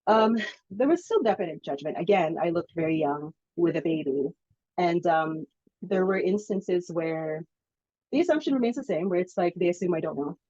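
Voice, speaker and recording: Guest, woman in her thirties: lowish voice, lively storyteller, muffled dry audio. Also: normal speed, no room sound. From Filipino heritage. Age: 30s. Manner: animated storytelling, laughs often. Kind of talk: casual interview chat.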